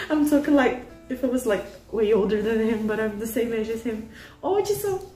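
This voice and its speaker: Excitable young woman in an echoey room. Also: fairly high pitch, moderate pace. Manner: excitable and emotional, gushing, swearing freely. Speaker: reaction channel host. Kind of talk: casual reaction commentary. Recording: echoey room, faint music behind.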